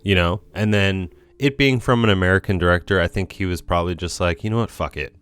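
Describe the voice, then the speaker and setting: A man's voice: low-pitched, fast talker, fairly bright tone, smooth. A man co-hosting a movie podcast, musing at length with many fillers and the odd swear. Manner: rambling, filler-heavy, swears. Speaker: podcast co-host. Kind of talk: casual film discussion.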